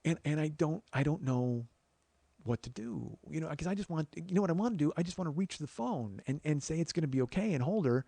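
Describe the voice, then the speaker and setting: A man's voice: fairly high pitch, very animated, brisk, creaky, mellow, slightly rough, dry recording. A man in his forties hosting a podcast, telling a comic story in a rambling way, full of stammered restarts and the odd swear word. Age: 40s. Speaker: podcast host.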